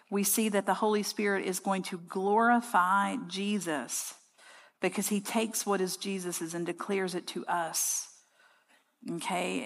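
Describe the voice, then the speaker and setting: Woman, Bible study teacher, gravelly voice, emphatic and conversational, long hall reverb. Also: mid-range voice. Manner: emphatic, repeats words for stress, conversational asides. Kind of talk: teaching sermon.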